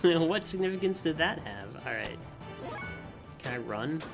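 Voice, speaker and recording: A man's voice: a little high, lively intonation, a little slow, creaky, over music. A man streaming a video game, chatting casually and thinking aloud with amused asides. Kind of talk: casual gameplay commentary.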